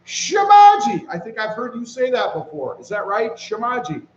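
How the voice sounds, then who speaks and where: A man hosting a casual live stream, reading viewer comments aloud and greeting people by name in a relaxed way while he walks around with his phone. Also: high voice, a little fast, echoey room, lo-fi sound, slight background noise. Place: walking around outdoors.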